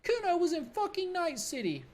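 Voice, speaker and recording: A woman's voice: very high-pitched, wildly swooping pitch, moderate pace, a little mellow, voice pushed up, exaggerated voice. A woman voicing a crude, cocky twelve-year-old boy who talks about himself in third person. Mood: sneering swagger.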